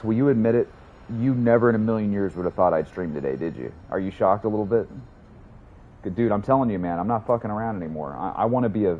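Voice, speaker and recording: A man's voice: lowish voice, narrow, tinny audio, a little hiss or hum. Profane rambling young man streaming a game. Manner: rambling, profane, reads and answers chat. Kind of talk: casual gaming livestream chatter.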